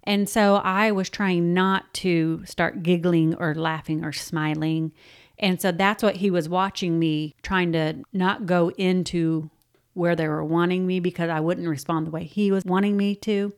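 A woman's voice: lowish voice, steady tone, measured pace, clear, resonant tone. A middle-aged woman co-hosting a casual chat, talkative and giggly, laughing often as she tells her stories. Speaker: podcast co-host.

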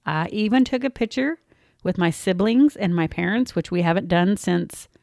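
A woman's voice: medium pitch, moderate pace, gravelly, darkish tone, no echo, studio quality. A woman from Oklahoma with a Southern US accent, co-hosting a podcast in casual chat, candid and plainspoken. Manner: candid, plainspoken, laughs easily. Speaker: podcast co-host.

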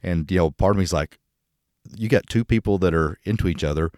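Deep fast-talking man chatting casually. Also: darkish tone, dry recording, clean studio sound. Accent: Texan. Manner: candid, joking, storytelling with crude humor. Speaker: podcast co-host. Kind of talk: casual conversation.

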